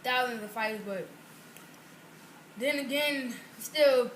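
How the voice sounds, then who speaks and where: A woman talking haltingly in a casual group chat, a reality show cast member. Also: high voice. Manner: rambling, halting. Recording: echoey room with faint noise.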